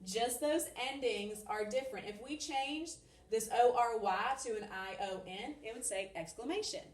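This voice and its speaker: Recording a remote lesson for children from an empty classroom, a woman walks fourth graders through grammar step by step, upbeat and encouraging. Her voice is a little high at a moderate pace, picked up off-mic from a distance in an echoey room.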